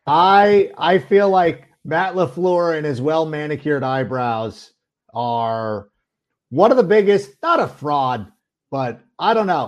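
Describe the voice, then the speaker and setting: A man hosting a sports podcast, rambling through self-mocking stories in casual chat. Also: fairly high pitch. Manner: rambling, self-deprecating storyteller. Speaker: podcast host.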